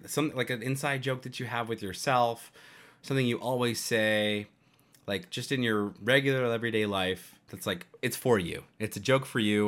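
Young male podcast co-host, lowish voice, rambling playful chat. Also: fairly bright tone. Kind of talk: casual chat.

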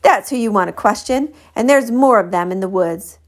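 A woman voicing a scheming, bossy con man who shouts orders, reading a children's novel aloud. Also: mid-range voice, expressive, moderate pace, vocal fry. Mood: accusing.

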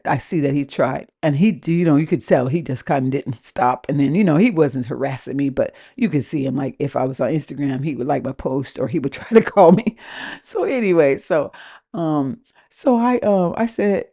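A woman's voice: low-pitched, moderate pace, dark tone. A woman in her fifties from the West Coast, hosting a podcast and ranting casually and candidly about her dating life, swearing freely and acting out both sides of her phone calls. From West Coast of the United States. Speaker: podcast host.

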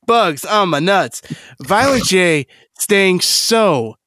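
A man's voice: high-pitched, animated, slow pace, sharp tone, no echo, clean studio sound. A man co-hosting a podcast, playful and crude in casual chat. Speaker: podcast co-host.

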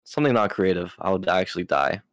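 A young man answers questions in a relaxed, rambling way, full of fillers and slang. His voice sits low and sounds smooth and clear. The recording is dry and close. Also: quick pace, no room sound. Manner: rambling, filler-heavy, laid-back slang. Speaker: interview guest. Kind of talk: casual chat answers.

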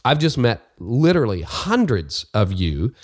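A man's voice: medium pitch, very animated, a little slow. A man hosting his leadership podcast, talking in a chatty, self-deprecating and upbeat way. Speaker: podcast host. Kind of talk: casual podcast monologue.

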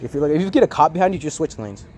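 A man's voice: fairly high pitch, racing, slight background noise. A young man in casual chat with friends, telling a story with lots of laughs and acting out what others said. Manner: animated, laughing, acts out friends' lines.

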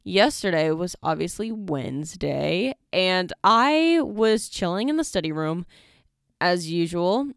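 Slow, chatty young woman podcaster. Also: lowish voice, lively intonation, vocal fry, clean tone, dry recording, studio quality. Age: 20s. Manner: chatty and rambling, with frequent "like" fillers. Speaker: podcast host. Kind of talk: casual solo podcast chat. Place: dorm study room.

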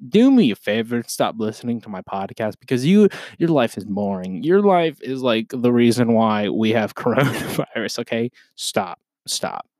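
Excitable, swearing young man ranting. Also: mid-range voice, dry recording. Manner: excitable, profane, loud outbursts. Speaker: podcast host. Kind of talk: casual solo rant.

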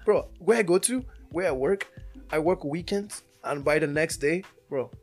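A man's voice: on the high side, normal speed, soft background music. A man co-hosting a casual podcast with friends, easygoing, saying bro and man a lot. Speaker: podcast co-host. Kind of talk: casual chat among friends.

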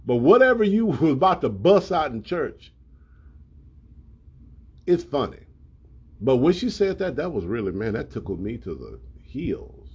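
A man's voice: mid-range voice, sing-song, unhurried, long pauses, slightly rough. A man preaching a sermon in a colloquial, emphatic way, acting out scripture.

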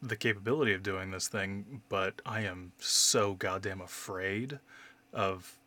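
Brief: man in his thirties, bright, forward voice sitting a little low, candid storyteller who swears a lot. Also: measured pace. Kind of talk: casual conversation.

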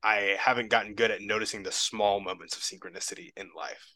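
A man with a lowish, bright and forceful voice speaks thoughtfully as a podcast guest. He often hesitates and reaches for words. The sound is close and dry. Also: fairly even intonation, fast, no room sound. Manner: reflective and hesitant, many fillers. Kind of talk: casual podcast conversation.

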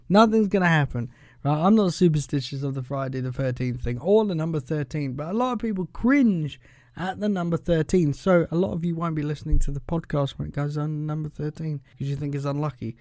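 A man's voice: on the high side, normal speed, a little mellow, no echo, clean studio sound. A man hosting a casual solo podcast. He rambles in a chatty way, keeps saying "pretty much", and chuckles as he goes. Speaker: podcast host.

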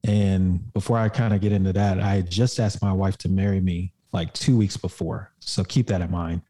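A man's voice: low voice, fairly even intonation, moderate pace, warm tone. A young adult man, a podcast guest and fitness coach, telling a personal story in a casual way, with lots of fillers and some swearing.

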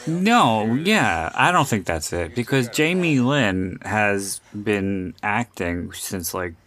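A man co-hosting a casual movie podcast, blunt and swearing freely, with halting fillers. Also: fairly low pitch, sing-song, a bit bright. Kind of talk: casual movie commentary chat.

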